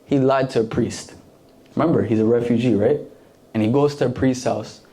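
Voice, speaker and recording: A man's voice: mid-range voice, fairly even intonation, moderate pace, warm tone. A young man preaching a casual sermon with a mid-range voice. He talks in everyday slang, full of filler words. He jumps in and out of voices for the people in the story. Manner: slangy and conversational, acts out the story characters. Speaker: youth preacher.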